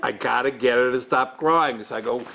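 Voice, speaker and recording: Middle-aged male lecturer, mid-range voice, animated live storytelling to a room, jumps into character voices. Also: normal speed, creaky, a little hiss or hum, rough recording. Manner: animated, acts out the people in his stories with big pitch jumps. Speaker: rabbi giving a lecture. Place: large room in front of an audience.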